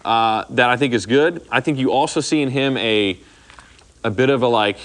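Bible study leader, male, mid pitch, chatty teaching voice, keeps asking "okay?". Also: moderate pace, a bit bright. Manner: conversational, says "okay?" often, acts out quoted speech.

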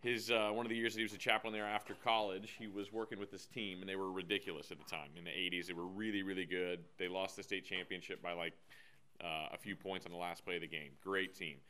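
Deep-voiced man telling a story. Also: fast, a little hiss or hum. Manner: relaxed storytelling with frequent fillers. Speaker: devotional speaker. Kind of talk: casual devotional talk.

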